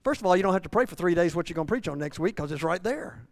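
A man in his sixties preaching a folksy sermon full of restarts and self-deprecating asides, rising loud and high when he voices a struggling believer. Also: animated, very fast, no echo. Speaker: pastor.

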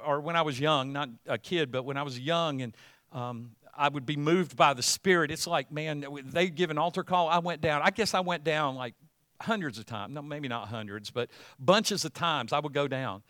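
A man preaching a sermon as pastor, conversational at first, then building to loud, emphatic passages. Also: fairly high pitch, normal speed, no room sound, clean studio sound.

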